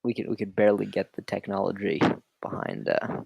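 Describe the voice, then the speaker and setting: A man's voice: fairly low pitch, a little fast, gravelly, breathy edge, no echo, lo-fi sound. A young man co-hosting a casual podcast, wry and a little tired. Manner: dry, wry, tired and yawning. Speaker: podcast co-host.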